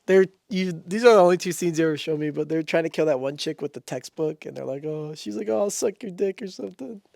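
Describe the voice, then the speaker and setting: A young man co-hosting a podcast, chatting loosely and jokingly, quick to laugh, on a close mic. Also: a little high, vocal fry, darkish tone, dry recording. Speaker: podcast co-host. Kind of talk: casual chat.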